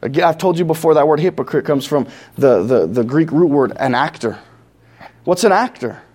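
A man preaching a sermon from scripture, talking through it in a loose, conversational way with restarts, then building to loud, impassioned passages. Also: a little high, animated, moderate pace. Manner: conversational asides with many restarts.

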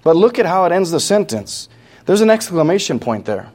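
A man delivering a sermon in a fairly high voice. He works through the verses in a loose, conversational way, stopping and restarting, and then climbs into loud, passionate preaching. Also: big pitch swings, fairly quick. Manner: preaches from scripture, builds to loud impassioned shouting; conversational asides with many restarts.

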